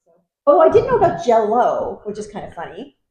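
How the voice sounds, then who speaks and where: A woman with a New York accent co-hosting a casual chat, playful and teasing and quick to laugh. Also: fairly high pitch, wildly swooping pitch, darkish tone, dull audio. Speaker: co-host. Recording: echoey room.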